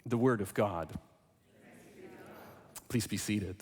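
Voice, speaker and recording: A man's voice: fairly low pitch, takes it slowly, big-room sound. A man preaching a sermon as a pastor, reading scripture and then talking playfully with the congregation in a large church. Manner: animated, playful, invites the congregation to join in.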